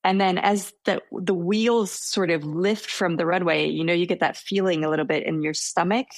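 Young woman guest, gravelly lower voice, close dry sound; hesitant, self-deprecating storyteller. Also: fairly even intonation, moderate pace, dry recording. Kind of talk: casual storytelling interview.

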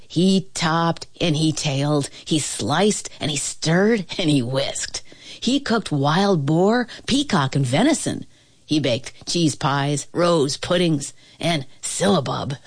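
A woman reading a picture book aloud in an expressive, playful way, with laughs and dramatic pauses. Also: sits low, no room sound, studio quality. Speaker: storybook reader.

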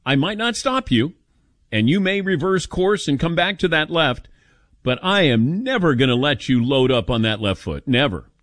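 Animated opinionated radio host man. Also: moderate pace, no room sound. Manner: opinionated, animated, jumps in pitch for emphasis. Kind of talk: casual sports talk radio.

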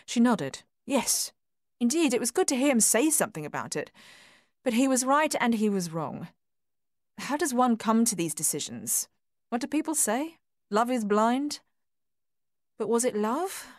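A woman reading a literary story in a soft, measured, often hushed voice on a close microphone. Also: on the low side, no room sound. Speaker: narrator. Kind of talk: scripted audiobook narration.

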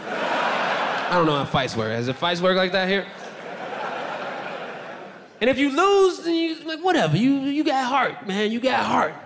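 A male stand-up comedian telling a story in an animated way, often breaking into shouted bits. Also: sits high, in a large hall, slight background noise.

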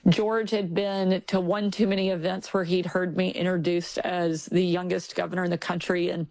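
A woman's voice: on the low side, little pitch movement, moderate pace, a little mellow, no room sound. A woman in her forties, a governor appearing as a podcast guest, telling personal anecdotes casually with frequent fillers. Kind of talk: casual interview storytelling.

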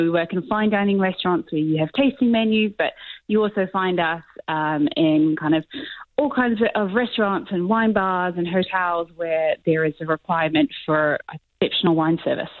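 A young woman from New Zealand with a New Zealand accent, a sommelier calling in to a radio interview, explaining things in a relaxed way and laughing easily. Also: on the low side, no echo. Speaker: sommelier guest on a phone call. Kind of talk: casual phone interview. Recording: tinny phone line.

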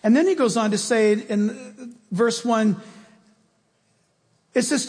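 High, husky-voiced male preacher. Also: unhurried, pauses often, darkish tone. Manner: emphatic, questioning the congregation directly. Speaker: pastor. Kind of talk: preaching a sermon. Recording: long reverb of a large hall.

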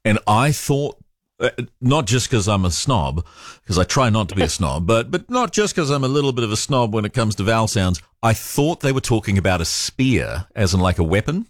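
Low-voiced New Zealand radio host. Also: male voice, sing-song, a little fast, no room sound, clean studio sound. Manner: conversational, self-mocking, repeats words. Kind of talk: talk radio chat.

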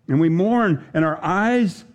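A man preaching a sermon as a pastor, earnest and unhurried, leaning hard on scripture readings and pausing for effect. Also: high voice. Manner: earnest, slow preaching with dramatic pauses and emphatic scripture readings.

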